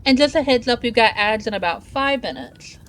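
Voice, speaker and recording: A woman's voice: fairly high pitch, animated, fairly bright tone, a little hiss or hum. Chatty woman streaming a game. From Southern United States. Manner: chatty and laughs often; talks slowly. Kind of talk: casual live-stream chat while gaming.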